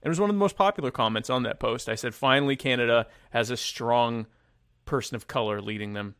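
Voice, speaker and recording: A man in casual political chat, rambling and sarcastic, with many halting restarts. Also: medium pitch, fairly bright tone, clean tone, no echo, studio quality.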